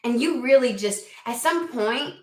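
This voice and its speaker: A woman's voice: a little high, lively intonation, measured pace. A woman giving a casual tarot reading, chatty and blunt, swearing freely as she talks. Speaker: tarot reader. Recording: echoey room.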